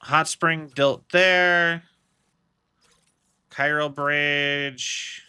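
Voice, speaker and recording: A man streaming a video game, chatting casually and thinking out loud with lots of filler words. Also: on the high side, fairly even intonation, extremely slow, clean tone, no echo. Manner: rambling, thinks aloud with many fillers. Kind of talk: casual gaming stream commentary.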